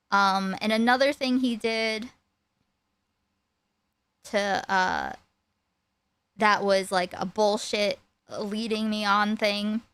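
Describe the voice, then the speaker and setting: A woman streamer telling a personal story in a rambling, animated way. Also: mid-range voice, smooth, no room sound. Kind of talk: casual storytime chat.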